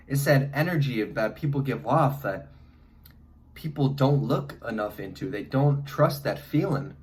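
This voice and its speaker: Young man, stuffy with a head cold, loose advice monologue full of fillers and restarts, mid pitch. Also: a little mellow. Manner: rambling, many fillers and restarts. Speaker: vlogger.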